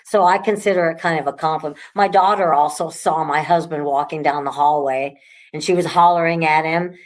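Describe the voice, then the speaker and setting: A woman who owns a haunted house, chatting casually in a relaxed, rambling way with frequent restarts. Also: lowish voice, a little fast. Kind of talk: casual conversation.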